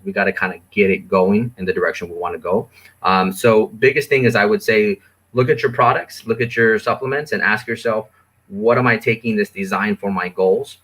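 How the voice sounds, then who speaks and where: Guest man, fairly low voice, loose filler-heavy coaching talk. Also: fairly bright tone, breathy edge. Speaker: supplement store specialist guest. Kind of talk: casual advice chat.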